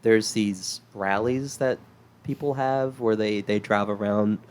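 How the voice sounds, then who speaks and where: His voice is fairly low, clear, and resonant, slow with fairly even intonation: a young adult from South Carolina co-hosting a podcast. The talk is casual, with frequent laughter and the odd swear.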